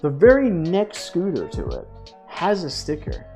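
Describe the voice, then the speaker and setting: A young man streaming, telling a story to his chat in a casual, animated way, swearing and laughing. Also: fairly high pitch, measured pace, soft background music.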